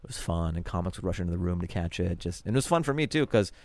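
A man's voice: low-pitched, animated, fast talker, no room sound. A man, telling stories casually as a comedian guest on a podcast. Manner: laid-back storytelling with frequent fillers.

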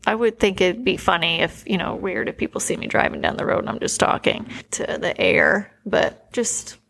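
A woman's voice: lowish voice, wildly swooping pitch, normal speed, vocal fry, fairly bright tone, slight background noise. A woman in her forties, the host, telling personal stories in an earnest, emotional way, full of "like". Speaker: podcast host. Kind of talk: casual conversational storytelling.

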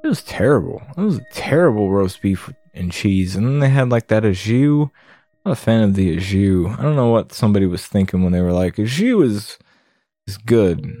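A man's voice: on the low side, animated, fairly quick, mellow, no echo. A man giving casual, profane game commentary, rambling and disgusted. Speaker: let's play gamer.

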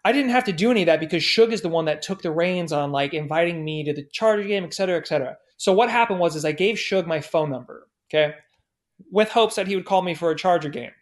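High-voiced man telling wild stories. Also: quick pace. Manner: profane, animated, acts out quoted people. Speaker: podcast guest. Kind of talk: casual anecdote storytelling.

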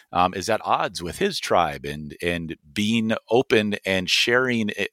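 A man's voice: fairly low pitch, a bit bright, no echo, clean studio sound. A man telling a story as a guest in a podcast interview, speaking earnestly with many restarts and quoted dialogue. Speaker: missionary guest.

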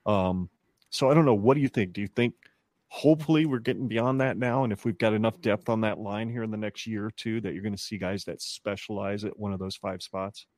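A man with a lowish voice puts his questions casually to his co-host on a sports podcast. It is recorded dry and close to the mic. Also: brisk, a little mellow, no room sound.

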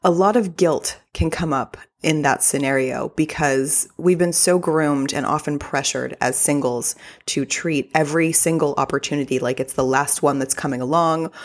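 A woman hosting a podcast, talking in an upbeat, gushing way with the odd filler word. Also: low-pitched. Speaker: podcast host. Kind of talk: casual podcast monologue.

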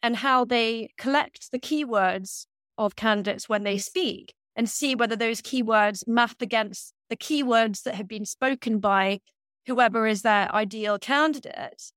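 A woman's voice: on the high side, a little slow, a bit bright, dry recording. Articulate, wry woman podcast co-host. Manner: articulate, critical, lightly wry. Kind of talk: casual conversational podcast discussion.

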